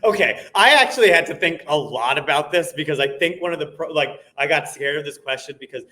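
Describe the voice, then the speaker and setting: Animated young man chatting. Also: a little high. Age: young adult. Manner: animated, laughs often, slips into quick impressions. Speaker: impersonator guest. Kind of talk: casual chat.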